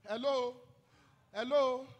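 A young Nigerian man, a youth pastor, preaching a fiery sermon full of shouted calls and repeated "hello?" to the congregation. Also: very high voice, steady tone, takes it slowly, dull audio.

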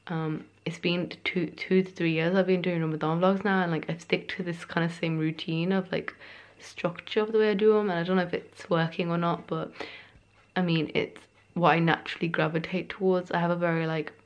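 A woman's voice: on the low side, little pitch movement, brisk, highs cut off. A tired young woman, rambling casually to camera in her room at home, a little out of breath. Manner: rambling, chatty, self-deprecating, slightly out of breath. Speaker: vlogger. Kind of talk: casual vlog chat to camera. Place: bedroom at home.

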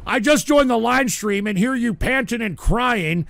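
A man's voice: very high voice, measured pace, gravelly, a bit bright, dry recording. A man hosting a livestream and reading viewer messages, ranting angrily and swearing as he answers them. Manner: angry, swearing, exasperated. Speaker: livestream host reading super chats. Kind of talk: profane ranting livestream talk.

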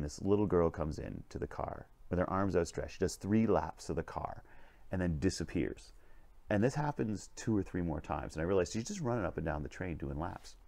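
A man hosting a vlog, telling a story in a conversational, animated way from inside a vintage train lounge car. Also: sits low, vocal fry. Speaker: vlog host and leadership speaker.

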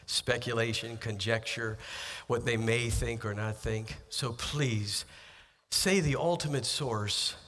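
Bright-voiced emphatic man preaching. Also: medium pitch. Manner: emphatic preaching with rising and dropping delivery. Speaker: pastor. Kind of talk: sermon.

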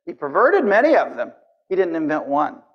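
A male preacher with a fairly high voice gives an animated, conversational sermon in a church, drifting easily into acted-out scenes. The recording sounds a little dull and muffled. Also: moderate pace.

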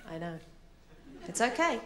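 A woman's voice: medium pitch, very animated, measured pace. A woman doing a stand-up comedy routine on stage, chatty and self-mocking as she tells her story. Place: comedy stage before a live audience. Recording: live stage mic with loud crowd. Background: audience laughter.

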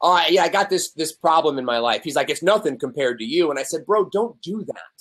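A young man talks openly as a podcast guest, animated and quick to act out the people he quotes. His voice sits slightly high for a man. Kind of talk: casual conversational interview.

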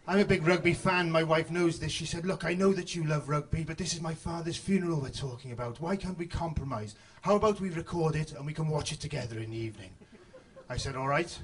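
Dry deadpan male stand-up comic. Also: a little high, fast, slightly rough. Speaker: stand-up comedian. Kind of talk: stand-up routine.

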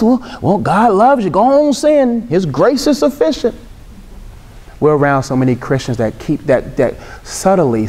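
A man's voice: a little high, a little mellow. A young man preaching a sermon in an emphatic, casual way, mixing slang and humor. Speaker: Christian speaker.

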